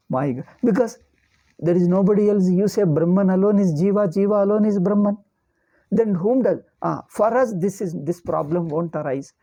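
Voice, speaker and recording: Mellow-voiced woman teaching scripture. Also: lowish voice. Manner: explanatory, repeats phrases, checks in with "okay?". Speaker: Vedanta teacher. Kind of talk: scripture commentary lecture.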